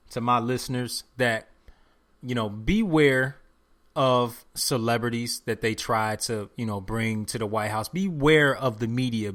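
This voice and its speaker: A man's voice: mid-range voice, fairly bright tone. A man hosting his own podcast, talking alone in casual slang and preaching to his listeners, repeating his points for emphasis. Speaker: podcast host. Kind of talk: solo podcast monologue.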